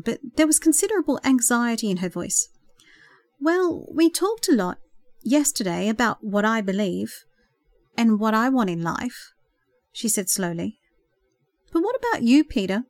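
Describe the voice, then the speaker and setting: Female audiobook narrator, fairly high voice, gentle and expressive, dry booth sound. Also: no room sound. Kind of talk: scripted narration.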